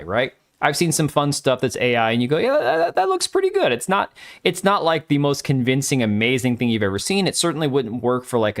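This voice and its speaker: Male live streamer, casual and blunt; crude, opinionated riffing with chat. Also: medium pitch.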